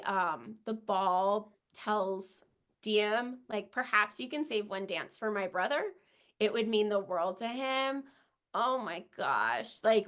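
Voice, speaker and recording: A young woman co-hosting a casual book podcast, enthusiastic and quick, full of "like". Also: mid-range voice, fairly bright tone. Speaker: podcast co-host.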